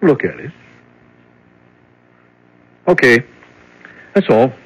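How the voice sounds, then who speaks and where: An actor playing a matter-of-fact male jailer who talks in a flat, dry, unbothered way, 1970s radio drama style. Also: medium pitch, extremely slow, breathy edge, exaggerated voice, low-quality recording. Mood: cool.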